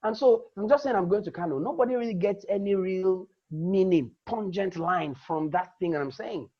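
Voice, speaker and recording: A man gives a public speaking lesson in a husky voice. He stresses words to show his point, dropping soft and rising loud again. The recording sounds dull and lo-fi. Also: high-pitched, moderate pace. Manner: demonstrative, dramatically shifts emphasis and loudness. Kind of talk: lecture.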